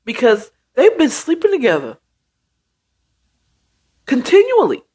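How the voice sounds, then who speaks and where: A woman recapping a story in a loose, chatty way, full of slang and side comments. Her voice sits somewhat high, swings widely in pitch, and moves at an unhurried pace. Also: husky. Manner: chatty, slangy, animated retelling with asides. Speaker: host retelling a book.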